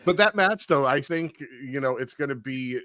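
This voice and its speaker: A man's voice: medium pitch, fairly bright tone, dry recording. A man co-hosting a podcast, chatting casually and readily agreeing with the others. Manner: quick to agree, chuckles often. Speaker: podcast co-host. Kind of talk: casual chat.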